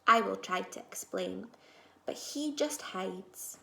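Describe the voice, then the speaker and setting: A woman teacher reads a children's picture book aloud at an unhurried pace. Her bright voice carries a gravelly fry. She moves between hushed asides and louder moments. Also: mid-range voice, echoey room. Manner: slow, expressive, shifting between soft and loud. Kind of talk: storybook read-aloud.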